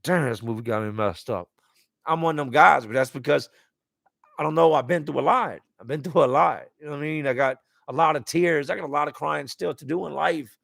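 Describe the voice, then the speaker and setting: A man with a gravelly, fry-heavy voice talks openly on a live stream, reading out viewer comments between his own thoughts. His speech is blunt and casual, with swearing and repeated words. The recording is dry and close, with no room sound. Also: on the high side, fairly quick, fairly bright tone, no room sound. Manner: candid and emotional, repeats words when searching for them.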